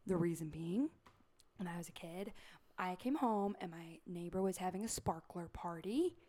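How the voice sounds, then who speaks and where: A young woman co-hosting a podcast in casual chat, with a raspy voice and a loud, animated way of telling stories. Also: fairly low pitch, normal speed. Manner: loud, animated storytelling with sudden squeals. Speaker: podcast co-host.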